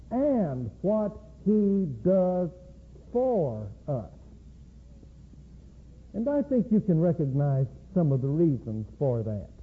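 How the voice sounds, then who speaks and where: A man preaching an evening sermon in a slow, measured way, with deliberate emphasis. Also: sits high, slightly rough. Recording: tinny phone-like lo-fi recording.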